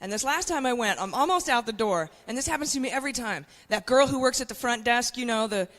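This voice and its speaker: Brash woman stand-up in her 40s, bright edge, hall reverb on a handheld mic. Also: a little high, animated, fast talker. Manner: brash, conspiratorial, addresses the crowd. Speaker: stand-up comedian. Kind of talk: stand-up comedy set.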